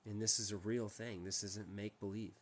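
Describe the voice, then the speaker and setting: Hosting a casual live stream from home, a man speaks in a fairly low voice with fairly even intonation and a slightly quick pace. His talk rambles emphatically, with many restarts.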